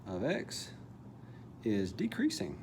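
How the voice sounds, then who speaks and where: A man's voice: lowish voice, huge pitch swings, slow, noisy background. A man teaching a calculus problem step by step in a casual, thinking-aloud way, now and then correcting himself. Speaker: math teacher. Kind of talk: calculus lesson walkthrough.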